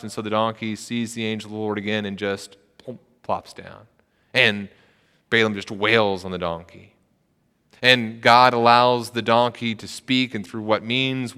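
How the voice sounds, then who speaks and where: A male pastor delivers a sermon in a bright, forceful voice, retelling an old story and putting on the speakers' lines as he goes. His voice rings with a long reverb from a large hall. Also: on the low side, clean tone. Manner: retells the story with acted quotes.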